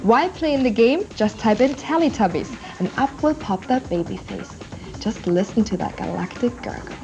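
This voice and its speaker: A woman's voice: a little high, expressive, moderate pace, music in the background. A woman presenting a video game TV show in a wry, teasing manner. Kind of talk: scripted presenting with jokes. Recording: dull TV audio.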